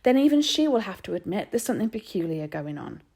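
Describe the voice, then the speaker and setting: A woman's voice: mid-range voice, big pitch swings, fast talker, darkish tone, breathy edge. A woman voicing an indignant, hot-headed schoolboy who bursts out sulkily and bitterly in a storybook reading. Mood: reassuring. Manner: sulky, bitter outbursts.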